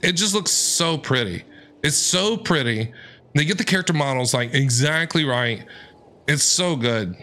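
Excitable man reacting with high energy. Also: a little slow. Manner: excitable, exclamatory, full of questions. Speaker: streamer, content creator. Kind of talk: reaction commentary while reading a manga.

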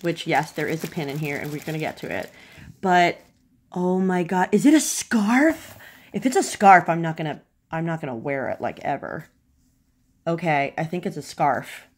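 A woman in a casual unboxing vlog, excitable and gushing, her voice swinging up into squealing highs. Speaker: vlogger unboxing a fan subscription crate.

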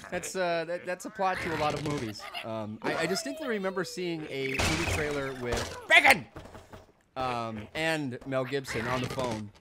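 A young man hosting a video game let's play, rambling goofily and suddenly yelling a silly word. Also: fairly high pitch, expressive, normal speed, heavy background noise. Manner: goofy, rambling, randomly yells a silly word. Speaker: gaming channel host.

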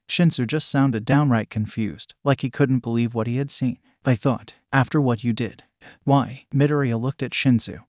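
A man reading a fan-fiction story aloud in a steady, even storytelling delivery. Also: medium pitch, no room sound, clean studio sound. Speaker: story narrator.

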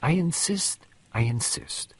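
A man voicing a fussy, polite elderly male detective who speaks precisely and formally, in a husky voice. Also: on the high side, animated, slow pace, no echo, pitched above the performer's own voice, exaggerated voice. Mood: courteous.

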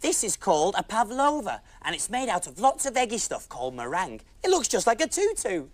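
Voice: mid-range voice, huge pitch swings, brisk, no room sound. An actor playing a big jolly cook, talking in a bouncy, playful children's TV manner. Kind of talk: children's TV presenting.

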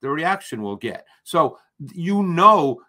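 A man who is a football analyst, explaining tactics in a measured, explanatory way. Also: fairly high pitch, sing-song, bright, forceful tone.

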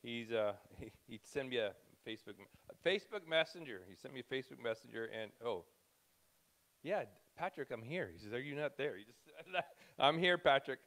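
A man's voice: medium pitch, a bit bright. A man in his fifties speaking to a congregation in a loose, chatty way. He jumps between thoughts, restarts sentences and sounds close to tears at times. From Canada. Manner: rambling, self-interrupting, emotional. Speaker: preacher. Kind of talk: informal church talk.

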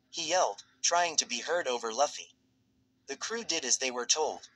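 A man narrates a piece of fan fiction in a steady, even read. His voice sits in a middle pitch with a bright, forward edge. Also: normal speed, poor audio.

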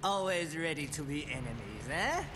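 An actor playing a ruthless, greedy pirate boss in a video game, sneering and taunting. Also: male voice, on the high side, sing-song, normal speed, noisy background. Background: game music.

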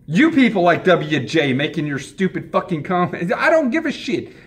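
A man with a high voice rants angrily as a wrestling YouTuber. He swears heavily and sounds dismissive of everyone he addresses. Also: big pitch swings, moderate pace. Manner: angry, profane, dismissive. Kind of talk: angry rant.

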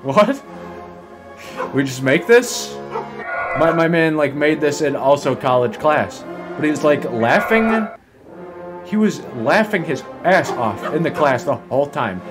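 A man's voice: a little high, sing-song, a little slow. A man doing casual gameplay commentary, rambling and swearing, with a lot of laughing and "like" fillers. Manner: rambling, swears often, fills with "like"; laughs often while talking. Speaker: gaming video host. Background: game music.

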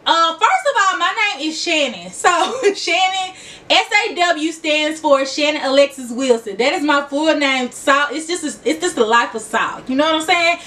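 A woman's voice: high voice, animated, normal speed, a bit bright, recorded from a distance. A woman in her twenties with a Memphis Southern accent, chatting casually and laughing often in a vlog. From Memphis, Tennessee. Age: 20s. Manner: chatty, laughing, addresses viewers as y'all. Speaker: YouTuber.

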